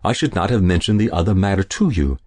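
A man voicing a calm, sly old potion seller who talks politely and indifferently. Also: low-pitched, quick pace, husky, no room sound, studio quality. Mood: suave, indifferent.

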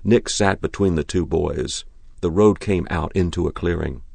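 Deep gravelly male storyteller. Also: darkish tone, dry recording. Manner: measured, deliberate literary reading. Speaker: narrator. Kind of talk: scripted story reading.

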